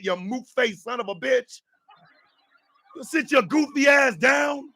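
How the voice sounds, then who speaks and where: A man hosting a podcast, delivering a profane, exasperated comedic rant and often shouting. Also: very high voice, animated, brisk. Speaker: podcast host.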